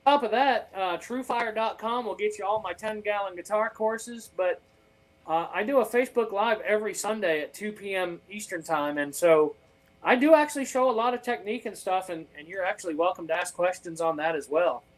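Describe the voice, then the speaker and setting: A man from Maine whose accent has taken on a Southern drawl, a guest guitarist talking folksy and animated in a casual interview. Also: high-pitched, fairly quick, rough recording. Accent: Southern drawl over a Maine accent. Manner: folksy and animated, calls people brother and man.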